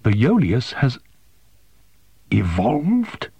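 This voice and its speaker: A man voicing a bewildered, hoarse man who has just been brought back to life. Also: mid-range voice, huge pitch swings, drawn-out words, warm tone, no echo, full character voice. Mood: dazed, hoarse. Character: weakened young man just revived, bewildered. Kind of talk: audiobook character voice.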